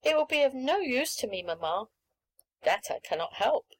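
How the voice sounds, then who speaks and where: Lady reading as a pleading little storybook girl, voice up high, earnest. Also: sing-song, normal speed, poor audio.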